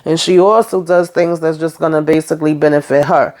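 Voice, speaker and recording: A woman's voice: low voice, steady tone, brisk, a little mellow. A woman hosting a casual TV episode recap, talking in a chatty, slangy way and retelling scenes as she acts out the characters' lines. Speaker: TV recap host.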